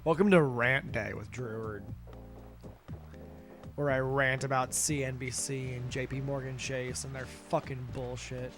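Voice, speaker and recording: A man's voice: medium pitch, steady tone, measured pace, music in the background. A young man streaming from home, ranting heatedly and with lots of swearing into a desk microphone. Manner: heated, profane ranting with sarcastic asides. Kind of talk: casual angry rant while streaming a game.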